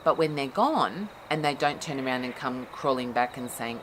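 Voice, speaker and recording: A woman with a low voice explains her ideas in a casual, blunt talk. She acts out the quoted outbursts with gusto. A faint hiss sits under the recording. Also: moderate pace. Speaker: therapist explaining trauma.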